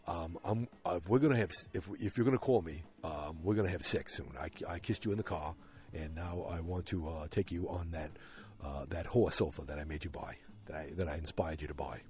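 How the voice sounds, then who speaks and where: A man voicing an awkward middle-aged male politician who talks in halting, stumbling phrases. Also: sits low, darkish tone, voice pushed down, lightly acted.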